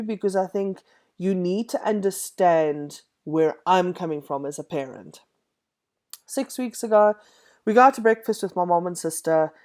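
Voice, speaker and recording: A woman's voice: medium pitch, darkish tone. A woman giving an emphatic, indignant opinion vlog, sarcastic at times. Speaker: vlogger.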